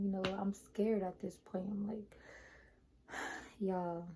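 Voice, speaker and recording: A young woman vlogger chatting casually to her viewers, retelling a personal story in an animated way. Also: mid-range voice, slow, pauses often, slight background noise, poor audio.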